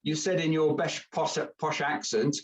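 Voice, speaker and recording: A man's voice: a little high, fairly even intonation, a little slow, distant mic, over a noisy crowd, low-quality recording. A man giving a chatty, joking camera club talk with many fillers.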